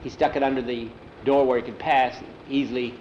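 A man telling a story aloud in a plain, unhurried way and acting out the dialogue himself. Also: medium pitch, flat delivery, a little mellow, echoey room, lo-fi sound, slight background noise. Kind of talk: oral storytelling.

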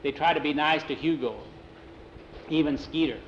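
A man's voice: on the high side, normal speed, reverberant. A man telling a story in a homespun, meandering way. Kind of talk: oral storytelling. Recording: dull lo-fi recording with faint noise.

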